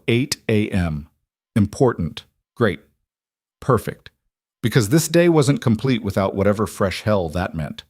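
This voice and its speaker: A man narrating a scripted drama story in a steady, measured way. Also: fairly low pitch, no room sound, studio quality.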